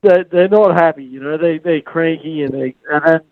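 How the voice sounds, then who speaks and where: A man's voice: on the high side, normal speed, no room sound, narrow, tinny audio. An Australian man, a motorcycle racer and podcast guest, telling rambling stories with plenty of restarts and acting out what other people said. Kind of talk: casual storytelling on a podcast.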